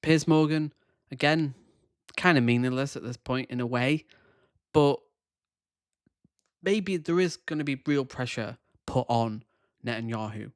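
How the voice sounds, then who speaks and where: A man's voice: mid-range voice, a little slow, long pauses, clear, resonant tone, no echo, studio quality. A man casually commenting on a debate clip he is reacting to, with critical, conversational asides.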